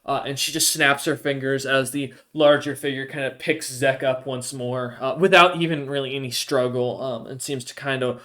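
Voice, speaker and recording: A man's voice: mid-range voice, fairly even intonation, moderate pace, hardly any pauses, sharp tone. A man narrating as game master of a tabletop role-playing game, descriptive and rambling. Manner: rambling, many fillers and restarts, descriptive.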